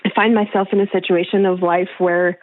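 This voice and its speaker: A woman's voice: on the low side, level tone, a little fast, no room sound. A woman calling in to an advice show, speaking hesitantly with many fillers. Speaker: caller. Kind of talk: call-in question. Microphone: telephone. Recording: tinny phone line.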